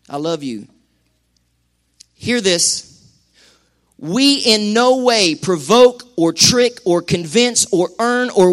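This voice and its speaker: A middle-aged man preaching a sermon to a church congregation, animated and quick with acted-out asides. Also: sits high. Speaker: pastor. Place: church sanctuary.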